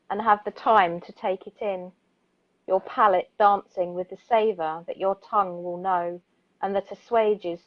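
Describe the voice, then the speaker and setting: A woman reads poems aloud in a slow, soothing voice on a community radio show, then slips into easy, laughing chat. Her voice sits at a medium pitch, and the recording sounds a little dull and lo-fi. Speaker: radio co-host reading listeners' poems. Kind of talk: gentle poetry reading and casual chat.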